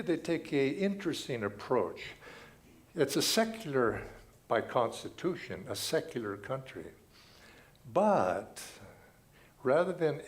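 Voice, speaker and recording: An older man giving a sermon as a guest speaker in a church, telling stories with animated emphasis. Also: medium pitch. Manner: animated storytelling, rising and falling emphasis. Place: church sanctuary.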